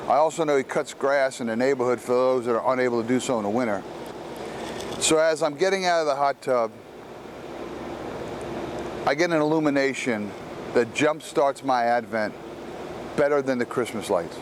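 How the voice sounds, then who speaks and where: A man's voice: mid-range voice, background noise. A man giving a gospel reflection, telling a story in a conversational way and acting out the people in it. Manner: conversational, acts out the people in his stories.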